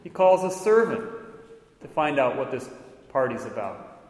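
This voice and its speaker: A priest preaching a sermon, earnest with wry asides, in a church. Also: male voice, mid-range voice, sing-song, normal speed, a little mellow. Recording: echoey hall with long reverb.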